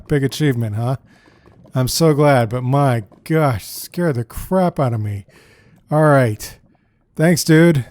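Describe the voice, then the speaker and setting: Gameplay commentator: man, mellow tone, chatty, thinks out loud, casual delivery. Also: medium pitch, no room sound. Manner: chatty, thinks aloud, often says "dude". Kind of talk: casual let's-play commentary.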